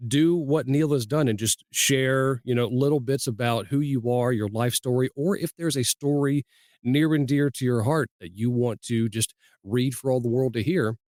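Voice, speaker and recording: A man's voice: medium pitch, darkish tone, no echo, studio quality. A man hosting an interview podcast, asking questions in a folksy manner and closing the show with a friendly sign-off. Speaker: podcast host.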